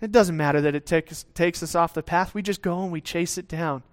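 A man's voice: fairly high pitch, brisk. A man preaching a sermon casually, often checking in with the listeners and acting out little exchanges with God. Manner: conversational preaching, acts out God's lines; tag questions, some restarts. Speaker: pastor.

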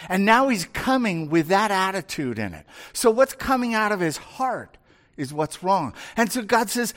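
Animated male preacher, high voice. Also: normal speed. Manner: conversational, animated storyteller. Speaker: pastor. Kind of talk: sermon.

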